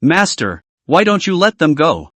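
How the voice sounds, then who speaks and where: A man's voice: a little high, wildly swooping pitch, unhurried, a bit bright, no echo, heavily acted. A man voicing Lu Yao, an earnest young servant girl. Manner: earnest, pleading. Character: timid, devoted young woman servant.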